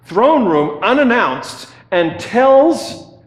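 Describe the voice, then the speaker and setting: A man's voice: very high-pitched, very animated, extremely slow, roomy sound. A man preaching a sermon as pastor, conversational, often checking in with "okay" and repeating words as he goes.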